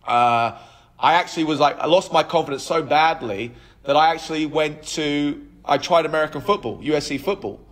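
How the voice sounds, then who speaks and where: A man in his thirties, a podcast guest telling his life story in an animated way, with frequent restarts. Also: fairly high pitch, a little fast. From United Kingdom. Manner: animated, acts out quoted dialogue, frequent restarts. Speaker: podcast guest, app co-founder.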